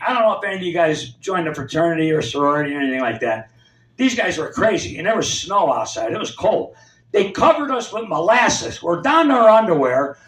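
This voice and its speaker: An older male stand-up comic in his seventies, spinning rambling stories with a high, swooping voice. He picks up the quoted voices of the people in his tales. The sound is roomy and distant, caught from across a club. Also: a bit bright. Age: 70s. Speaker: stand-up comedian. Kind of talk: stand-up storytelling. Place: comedy club stage.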